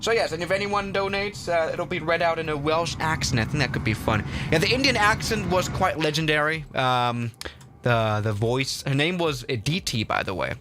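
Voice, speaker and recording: A man's voice: a little high, animated, normal speed, over music. A man hosting a casual flight-sim livestream, chatty and rambling, with lots of fillers and restarts.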